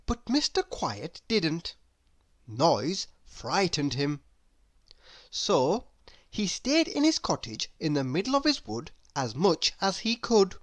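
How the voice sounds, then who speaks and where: A woman reading a children's story aloud, expressive and asking the listener questions. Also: low voice, slow.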